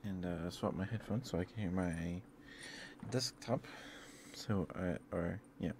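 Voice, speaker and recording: Low voiced guy rambling softly to chat on his asmr stream, faint hiss behind. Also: unhurried. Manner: laid-back, meandering, soft-spoken. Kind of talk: casual chat with stream viewers.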